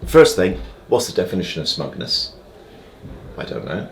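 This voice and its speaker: A man's voice: low-pitched, very animated, normal speed, vocal fry. A man, a magician guest in an interview who makes his points through analogies and keeps checking "all right?" with the listener, speaking in a dressing room. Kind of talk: conversational interview.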